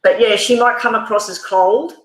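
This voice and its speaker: A woman's voice: on the high side, fairly even intonation, moderate pace, reverberant, poor audio. A woman giving a live tarot reading in a chatty, rambling way, full of fillers and restarts. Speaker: tarot reader.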